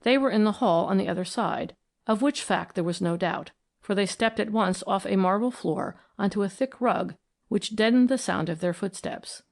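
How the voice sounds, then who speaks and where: A woman narrating a classic mystery audiobook in an even, deliberate reading. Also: mid-range voice, vocal fry.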